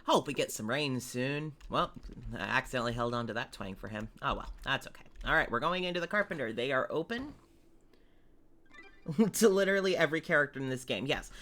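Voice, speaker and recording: Chatty low-voiced woman streamer. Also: big pitch swings, quick pace, a bit bright. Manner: chatty and explanatory, with small laughs. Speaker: game streamer. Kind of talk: casual let's-play commentary.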